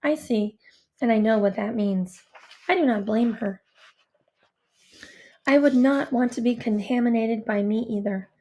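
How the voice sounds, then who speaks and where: A woman's voice: a little high, a little slow, pauses often, warm tone. A woman reading a first-person novel aloud with an earnest, introspective, anxious delivery. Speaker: audiobook narrator. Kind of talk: first-person audiobook narration.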